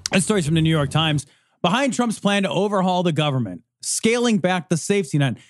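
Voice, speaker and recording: High-voiced profane podcast host. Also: male voice, a little fast, dry recording, studio quality. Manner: profane, animated, mocking. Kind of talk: casual political chat.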